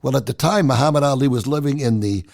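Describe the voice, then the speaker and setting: A man in his sixties casually telling personal stories in an animated, chatty way. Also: medium pitch, fast, creaky. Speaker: storyteller.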